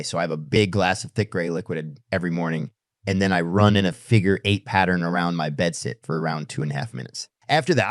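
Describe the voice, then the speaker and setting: A man playing an eerily calm oddball, talking in a flat, unbothered, soft-spoken way. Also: sits low, no room sound, clean studio sound, close to an everyday voice. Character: eerily calm odd man with strange routines. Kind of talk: deadpan comedy monologue.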